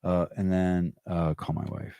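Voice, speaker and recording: Low-voiced male podcast host, dry close sound, loose and profane delivery. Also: flat delivery, measured pace, creaky, mellow, smooth, dry recording. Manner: rambling, profane, wry. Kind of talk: casual livestream chat.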